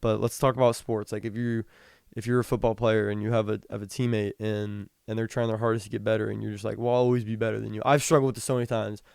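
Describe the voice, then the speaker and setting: A young man hosting a podcast, talking casually about the Bible, reading scripture slowly and rambling with frequent restarts. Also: fairly low pitch, flat delivery, vocal fry, a little mellow, clear, resonant tone, no room sound, studio quality. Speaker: podcast host. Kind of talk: casual Bible teaching talk.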